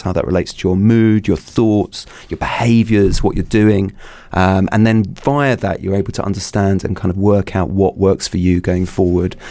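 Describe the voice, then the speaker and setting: A man's voice: fairly low pitch, darkish tone, no echo. A man appearing as a guest clinician, explaining things thoughtfully in conversation, with restarts and "kind of" fillers.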